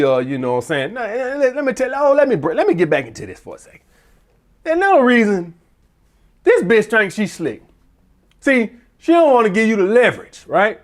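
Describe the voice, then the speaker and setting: Man, dating-advice vlogger, high lively voice, blunt and profane. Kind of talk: casual profane monologue.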